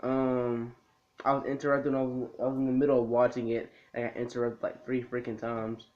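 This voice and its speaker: A man's voice: medium pitch, monotone, fairly quick. A man casually recapping a cartoon episode for his video review, rambling with lots of ums and restarts. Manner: rambling, full of ums and restarts, laid-back. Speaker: anime review vlogger. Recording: slightly muffled lo-fi recording.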